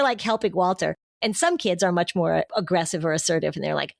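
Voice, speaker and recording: A woman co-hosting a parenting podcast, giving advice in a conversational, animated way and acting out what kids say. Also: lowish voice, fairly quick, creaky, few pauses, no room sound, clean studio sound. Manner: animated, acts out kids' voices in quotes. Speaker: podcast host, anxiety expert.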